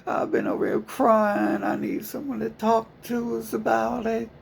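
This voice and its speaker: A man's voice: little pitch movement, a little slow, gravelly, slight background noise, exaggerated voice. A man mocking a whiny complaining guy. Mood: whining. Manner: high, strained mocking whine.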